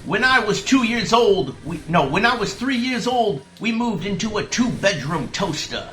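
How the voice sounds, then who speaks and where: A man's voice: high-pitched, sing-song, normal speed, pushed and bright, pitched above the performer's own voice, heavily acted. A man voicing a wisecracking anthropomorphic bagel who does stand-up comedy, delivering cheesy punchlines. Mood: joking.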